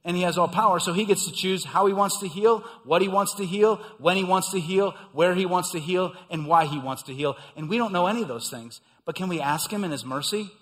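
Preacher guy with a pretty high voice, chatty sermon, gets loud then hushed, big hall reverb. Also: fairly quick, hardly any pauses. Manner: conversational, swings between loud excited asides and hushed emphasis. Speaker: pastor.

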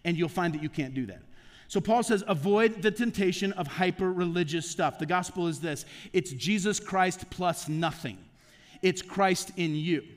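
A man's voice: high voice, moderate pace. A male pastor giving a conversational sermon to his congregation, firing off rhetorical questions and speaking directly to the people in front of him. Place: church sanctuary. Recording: long reverb from a church hall.

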